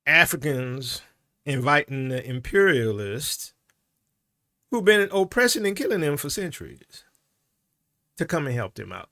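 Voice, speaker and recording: A man giving opinionated commentary in an animated, sarcastic way, often tagging lines with "right?". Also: a little high, a little slow, pauses often.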